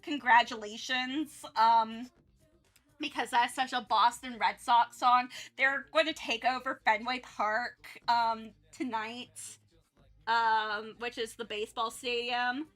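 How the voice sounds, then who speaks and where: A woman's voice: on the high side, steady tone, slow, a bit bright. A young woman from North Carolina chatting casually on a livestream, rambling with lots of restarts and fillers. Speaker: art streamer.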